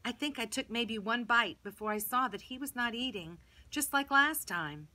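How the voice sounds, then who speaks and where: A woman Sunday school teacher tells a Bible story to young children. Her voice is bright and fairly high, and her telling is expressive. She speaks straight to the little listeners. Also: normal speed.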